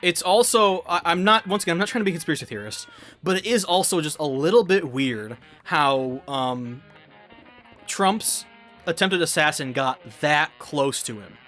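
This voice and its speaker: A man's voice: a little high, expressive, moderate pace, a bit bright, faint music behind. A young man chatting casually while gaming, rambling and swearing, with many restarts. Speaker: gaming vlogger.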